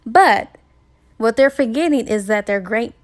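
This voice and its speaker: A woman's voice: on the high side, expressive, a little slow. A woman reading the lines of a cheerful young woman, the baby sister, in her near-normal voice. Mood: reassuring. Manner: lightly quoting, little change of voice.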